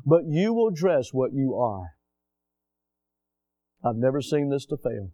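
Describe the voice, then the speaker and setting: A man preaching a sermon, reading scripture aloud and asking his congregation questions, swinging between quiet asides and loud emphatic rises. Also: medium pitch, big pitch swings, takes it slowly, no room sound. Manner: reads scripture aloud in old-fashioned wording. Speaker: pastor.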